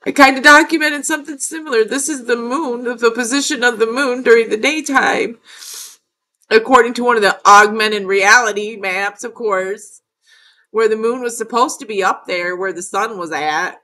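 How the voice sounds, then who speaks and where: A woman's voice: a little high, moderate pace, pushed and bright. A middle-aged woman narrating her own footage in a casual vlog. She talks in a rambling, emphatic way and curses often. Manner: rambling and emphatic, with frequent cursing. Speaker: video creator.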